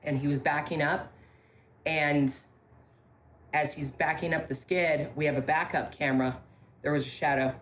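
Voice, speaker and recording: A woman from a ranch telling ghost stories in casual talk, emphatic, with halting restarts and key phrases repeated. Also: low-pitched, fairly even intonation, a little hiss or hum. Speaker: ranch staff member interviewed about ghost stories. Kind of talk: casual spoken storytelling.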